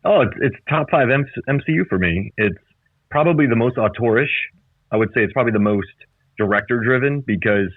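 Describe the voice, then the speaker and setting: A man's voice: medium pitch, expressive, fairly quick, no room sound. A man guest on a casual podcast, joining over a remote line and firing off witty quips. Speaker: podcast guest, film critic. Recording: tinny remote call line.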